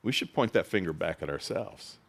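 A man preaching a sermon in a conversational, expressive way, rising high for quoted lines and dropping low for emphasis. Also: brisk, creaky. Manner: conversational, with asides and laughs. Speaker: pastor.

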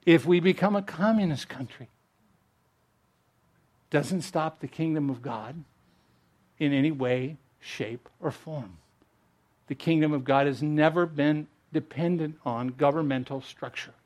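Man preaching in a slightly high voice. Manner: conversational preaching with repeated restarts and emphatic rises. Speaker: pastor. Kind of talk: sermon.

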